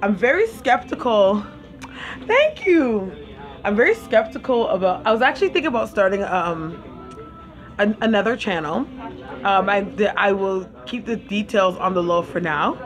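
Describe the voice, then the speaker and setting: A woman's voice: mid-range voice, animated, moderate pace. Woman, Caribbean accent, livestream host, casual and chatty, eating on mic, music in the background. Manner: chatty, eats while talking, reads viewers' comments aloud. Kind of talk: casual live-stream chat.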